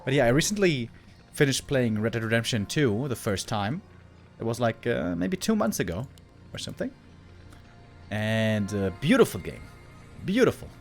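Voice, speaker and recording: A man's voice: medium pitch, sing-song, normal speed, gravelly, faint music behind. Chatty man casting a strategy game. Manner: chatty, exclaiming at plays, drifts into asides to chat. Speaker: esports caster. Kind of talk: live game commentary.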